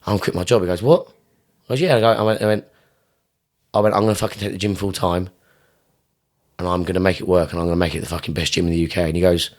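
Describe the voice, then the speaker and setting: A man's voice: deep voice, fairly even intonation, fast talker, pauses often, darkish tone. A young man, a gym owner and Muay Thai coach, talking in a casual podcast interview. He speaks with intense emphasis, swears constantly, repeats his phrases, and his voice jumps up sharply when he gets fired up.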